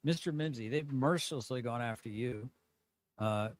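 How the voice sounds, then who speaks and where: A man's voice: medium pitch, moderate pace. A man hosting a live stream with callers, talking in a rambling, hesitant way and feeling sorry for himself. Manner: rambling, self-pitying, hesitant fillers. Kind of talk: casual live-stream chat.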